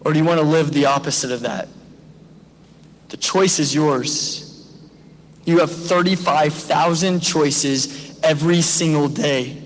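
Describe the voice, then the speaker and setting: A man's voice: a little high, a little slow, pauses often, slight background noise. A man in his thirties, a pastor, giving an earnest graduation sermon and prayer that puts direct questions to the listeners. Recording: long echo of a large hall.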